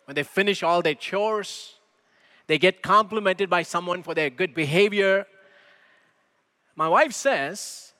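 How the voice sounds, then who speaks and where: A man preaching a sermon as pastor in a church, measured and emphatic, asking rhetorical questions. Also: sits high, animated, bright, forceful tone, in a large hall. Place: church sanctuary.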